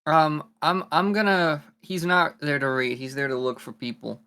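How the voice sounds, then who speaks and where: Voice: medium pitch, fairly even intonation, normal speed, bright, forceful tone, smooth. Casual tabletop game player. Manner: casual, joking, describes own character's actions.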